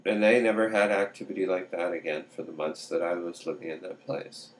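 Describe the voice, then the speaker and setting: A man's voice: low-pitched, level tone, brisk. A man telling a true story aloud, acting out dialogue with chuckling asides.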